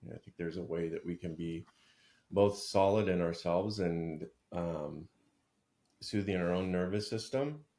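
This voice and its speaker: Deep-voiced guy on a chat podcast, thinks out loud, repeats himself a bit. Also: unhurried. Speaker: podcast co-host. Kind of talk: casual podcast conversation.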